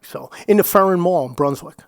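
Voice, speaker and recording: A middle-aged man recounting his youth in a candid interview, animated, often restarting his phrases and slipping into quoted asides. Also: sits high, fairly quick, vocal fry, dry recording, studio quality. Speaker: podcast guest.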